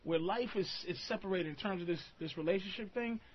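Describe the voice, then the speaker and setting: A man giving blunt, profane advice on a radio show, emphatic and preachy, swinging from low murmurs to shouting. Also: fairly quick, a little hiss or hum. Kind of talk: loud profane radio rant. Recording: lo-fi radio broadcast.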